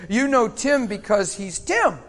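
A man from Pennsylvania preaching a sermon, swinging from shouts down to hushed near-whispers and laughing often as he talks. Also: high voice, sing-song, unhurried.

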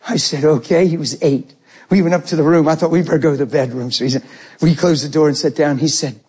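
A middle-aged male preacher delivers a sermon in a husky, slightly raised voice. He tells family stories with feeling and slips into the voices of parents and children. His pitch rides high when he gets intense. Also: a little fast. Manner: animated storytelling, acting out family dialogue.

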